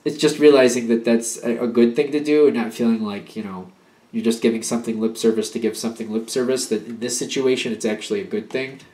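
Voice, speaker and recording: Guy doing a chatty tarot reading, mid pitch, rambles a lot, echoey room. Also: fairly even intonation, quick pace, mellow. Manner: rambling, restarts, acts out quoted pleas. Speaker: tarot reader. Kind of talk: casual spoken tarot reading.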